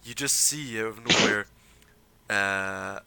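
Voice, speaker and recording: A man narrating as game master for a tabletop role-playing game, in a relaxed way with frequent pauses. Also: on the low side, vocal fry, a little hiss or hum, rough recording.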